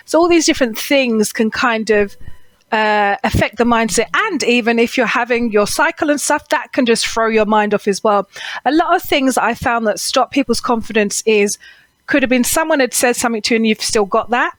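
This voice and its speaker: A woman's voice: a little high, moderate pace, no room sound. A woman vocal coach as an interview guest, talking earnestly and giving advice, with frequent "Mm-hmm"s. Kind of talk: interview conversation.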